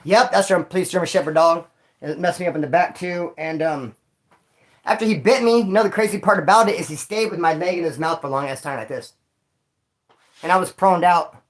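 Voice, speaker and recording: A man's voice: high-pitched, fairly quick. Man, stream host, casual slangy storyteller who acts out the sounds and voices. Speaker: livestream host telling prison stories. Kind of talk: casual storytelling to a live audience.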